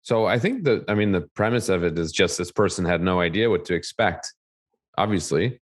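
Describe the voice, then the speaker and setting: A man co-hosting a real estate podcast in a calm, easygoing, agreeable way. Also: sits low, brisk. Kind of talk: casual podcast chat. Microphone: studio podcast microphone.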